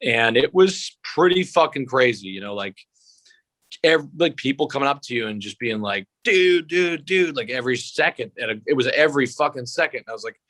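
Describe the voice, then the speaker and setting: A man's voice: mid-range voice, lively intonation, a little fast, a bit bright, no echo. Profane, rambling man on a video call. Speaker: guest, sportscaster-style comedian. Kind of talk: casual interview over video call.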